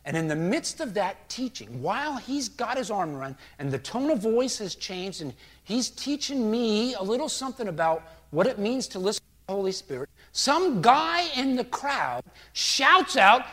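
An older male pastor preaching a sermon through a story, animated and acting out quotes as he goes. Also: sits high, normal speed.

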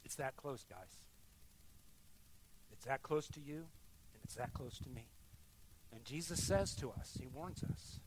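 A man preaching a sermon as pastor in a church, swinging from quiet murmurs to loud emphatic bursts and leading the congregation in prayer. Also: fairly high pitch, slight background noise. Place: church sanctuary.

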